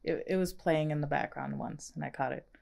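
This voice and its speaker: A woman's voice: deep voice, a little fast, vocal fry, a little mellow. Chatty woman podcast host. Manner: chatty, filler-heavy, laughs easily. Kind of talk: casual chat.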